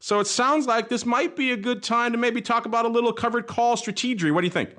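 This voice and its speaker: A man's voice: very high-pitched, quick pace, fairly bright tone. A man hosting a podcast segment, chatty and jokey as he introduces it. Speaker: podcast host.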